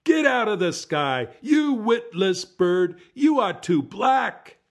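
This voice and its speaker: Guy doing a shrill angry mob of villagers, high and yelling, storybook style. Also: very animated, slow, full character voice. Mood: angry, scolding. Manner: shouting high and loud.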